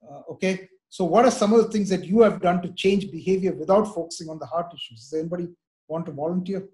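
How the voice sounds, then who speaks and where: Middle-aged male church teacher, slightly high voice, rambling and filler-heavy, keeps asking "right?". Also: quick pace, darkish tone. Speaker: church teacher leading a parenting class. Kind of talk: interactive online parenting lesson.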